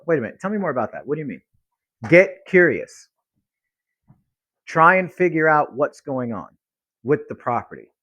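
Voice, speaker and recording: A man's voice: mid-range voice, a bit bright, no echo. A man coaching real estate investors on talking with sellers, in a blunt, direct teaching manner. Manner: blunt, acts out both sides of calls. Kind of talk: teaching monologue with acted phone lines.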